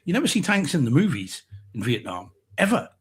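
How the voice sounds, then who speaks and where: A man's voice: fairly high pitch, big pitch swings, brisk, husky. A man hosting a podcast in casual chat, musing aloud and apologizing for his tangents. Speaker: podcast host.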